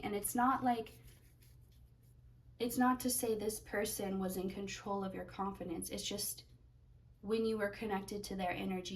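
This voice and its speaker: A woman's voice: medium pitch, gravelly, far from the mic, a little hiss or hum, rough recording. A woman giving a pick-a-card tarot reading, talking in a rambling way as she searches for words. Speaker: tarot reader.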